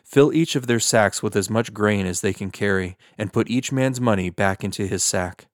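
A man's voice: lowish voice, moderate pace, dry recording, studio quality, natural voice. A man reading the part of a powerful ruler who speaks sternly.

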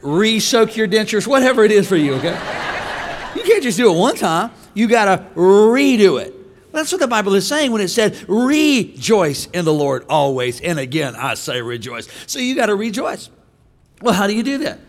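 Animated high-voiced preacher. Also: male voice, fairly quick. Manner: animated, shouting, mock-singing and laughing between lines. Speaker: pastor. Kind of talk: comedic sermon. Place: church hall with a live congregation.

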